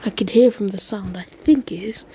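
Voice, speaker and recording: A woman's voice: medium pitch, moderate pace, vocal fry, warm tone, slight background noise, natural voice. A woman voicing a shrewd female clan elder with a keen sense of smell, who muses in a half-whisper. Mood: puzzled.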